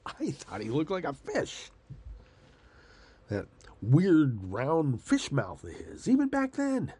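A man's voice: a little high, wildly swooping pitch, slow pace, darkish tone, breathy edge, no echo. An older man ranting in a casual monologue, sarcastic and rambling, swearing and laughing at his own jokes. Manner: profane and angry.

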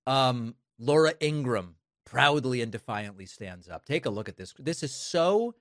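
A man's voice: mid-range voice, expressive, normal speed, no echo. A man hosts an opinionated commentary segment, his voice sitting in an ordinary middle register. The sound is dry and close, with no room around it. He talks in a scornful, sarcastic way. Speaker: political commentary host.

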